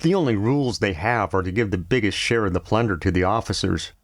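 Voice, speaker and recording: A man reading a novel aloud and voicing a bitter village uncle who speaks softly with contained anger. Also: on the low side, fast talker. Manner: soft-spoken but bitter. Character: angry middle-aged village man, quietly furious uncle.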